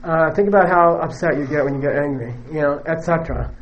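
Casting: man, high-pitched Buddhist teacher, chatty, checks in often, joking asides, muffled lo-fi recording with faint hiss. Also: fast talker. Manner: conversational, keeps checking in with "okay?" and "you know". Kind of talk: dharma teaching to a live audience.

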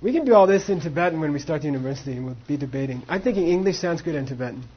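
A man's voice: a little high, lively intonation, very fast, slightly rough, highs cut off. A man teaching a class on monastic debate, acting out both sides and mixing in Tibetan phrases. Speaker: Buddhist philosophy teacher.

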